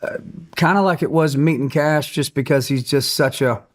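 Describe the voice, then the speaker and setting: A man's voice: on the high side, normal speed. A middle-aged man, telling earnest stories as a guest in a podcast interview. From Tennessee, USA. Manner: earnest storyteller, acts out quotes. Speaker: guest, country singer.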